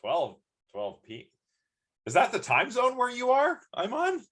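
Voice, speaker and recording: A man's voice: extremely high pitch, wildly swooping pitch, measured pace, fairly bright tone. A man giving a live-streamed lecture, chatty and rambling, with many ums and restarts.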